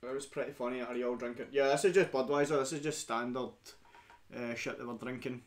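A man's voice: mid-range voice, fairly even intonation, fast, heavy background noise. A young Scottish man hosting a casual beer-drinking stream, full of rowdy, sweary banter. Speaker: stream host. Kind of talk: casual chat.

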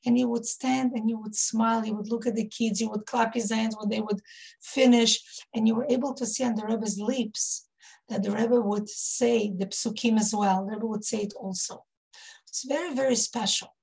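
A woman's voice: on the high side, steady tone, moderate pace, vocal fry, darkish tone. A woman in her fifties from Israel, a rebbetzin telling stories to a women's group, reminiscing with many fillers and restarts. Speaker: rebbetzin leading a women's class. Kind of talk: warm storytelling talk to a women's group.

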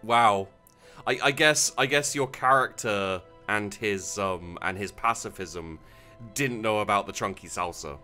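A man's voice: on the low side, unhurried, pushed and bright, faint music behind. A man hosting a live stream, reading out viewers' tabletop game stories in an amused, conversational way with frequent ums and restarts.

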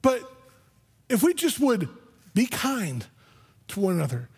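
A man's voice: high-pitched, very animated, measured pace, a little mellow, slightly rough. A man pastor preaching a sermon in a conversational way, often restarting his words. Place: church sanctuary.

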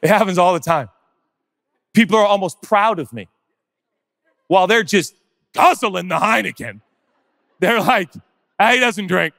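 A male pastor preaching a sermon, animated and conversational, firing off rhetorical questions and chatty asides. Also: high voice, a little slow, creaky, pauses often, dry recording, clean studio sound, in a large hall.

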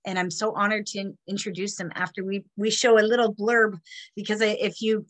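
Tearful woman giving a halting introduction. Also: mid-range voice, a bit bright. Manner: emotional, halting, many restarts. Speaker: community program host. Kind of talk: heartfelt spoken introduction.

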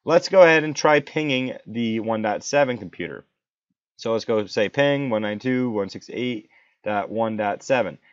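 A man as a network instructor, talking through a screen-recorded software tutorial in a chatty, enthusiastic way and reading out numbers step by step. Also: on the low side, animated, moderate pace, no room sound, lo-fi sound.

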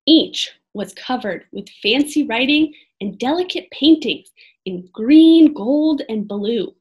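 A woman reading a storybook aloud as a lesson, expressive and stopping to ask children for predictions. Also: sits high, slow pace, muffled recording.

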